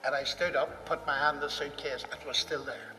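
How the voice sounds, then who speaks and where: A man telling a personal story to an audience, animated and acting out the dialogue as he goes. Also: fairly high pitch, a little fast, soft background music. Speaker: speaker recounting a personal story. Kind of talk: anecdotal storytelling talk. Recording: distant mic in a reverberant hall.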